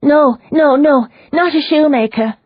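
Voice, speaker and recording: A woman's voice: high-pitched, a little slow, muffled recording, voice pushed up. A woman reading an audiobook voices a terrified, half-mad young woman prisoner who wails and clings to her fixed idea. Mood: frantic. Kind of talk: audiobook character voice.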